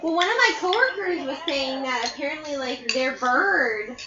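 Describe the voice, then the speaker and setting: A woman's voice: high voice, lively intonation, moderate pace, echoey room, lo-fi sound, crowd noise. A woman co-hosting a casual chat, sharing anecdotes and starting with little hesitations. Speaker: podcast co-host.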